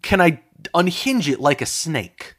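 A man's voice: a little high, big pitch swings, a little slow, fairly bright tone. A man co-hosting a comedy podcast who asks playful, rambling questions in casual chat. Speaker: podcast co-host.

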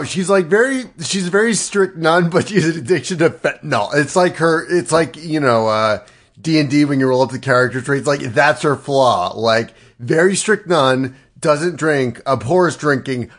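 A man's voice: fairly high pitch, lively intonation, normal speed, a bit bright. A man co-hosting a comedy podcast, explaining his improvised joke with restarts. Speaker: podcast co-host.

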